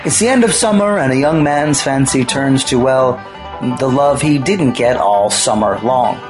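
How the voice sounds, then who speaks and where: A man's voice: medium pitch, lively intonation, unhurried. Male comedy radio host, dry scripted banter, guitar bed underneath.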